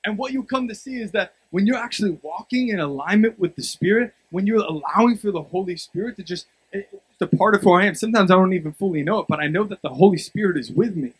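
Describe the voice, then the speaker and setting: Husky-voiced man preaching with emphatic swings. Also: high voice, lively intonation, quick pace, rough recording. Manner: emphatic, swings from quiet storytelling to loud exhortation. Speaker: pastor. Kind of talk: sermon.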